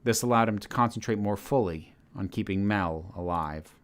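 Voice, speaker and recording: A man narrating a story aloud in a steady, measured reading manner. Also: lowish voice. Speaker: channel host reading his story. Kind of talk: audiobook-style story narration.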